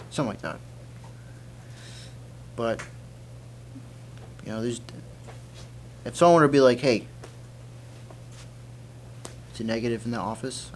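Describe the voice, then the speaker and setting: A man's voice: medium pitch, a little hiss or hum. A man giving a mockumentary talking-head interview in an office, rambling and self-assured with lots of fillers. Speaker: office team member.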